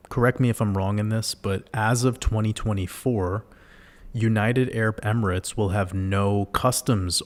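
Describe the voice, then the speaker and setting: Casual low-voiced male livestreamer. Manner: animated, swearing, rhetorical questions to viewers. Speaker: livestream host.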